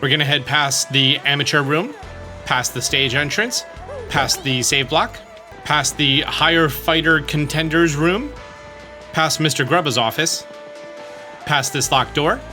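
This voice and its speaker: A man's voice: on the high side, measured pace, bright, forceful tone, soft background music. A man hosting a game walkthrough, narrating his moves with jokey asides. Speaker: let's play host.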